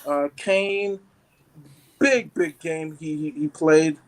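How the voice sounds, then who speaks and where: High-voiced excited fan man. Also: takes it slowly. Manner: excited, rambling, many fillers.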